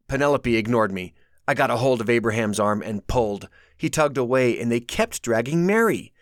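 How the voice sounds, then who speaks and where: An author gives expressive first-person narration of his own novel for an audiobook. He speaks in a mid-range, fairly bright voice at a moderate pace, captured in clean studio sound with no echo.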